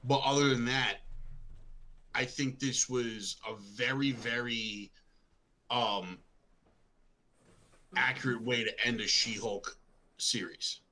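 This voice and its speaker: Man, casual podcast co-host, easygoing, bright voice. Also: mid-range voice, steady tone, slow, long pauses.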